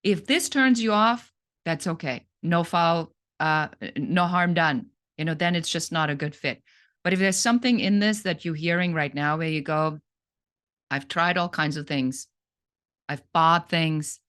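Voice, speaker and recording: A woman's voice: fairly low pitch, normal speed, fairly bright tone. Blunt, earnest woman business coach. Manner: earnest and blunt, with frequent restarts. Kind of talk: direct-to-camera sales talk.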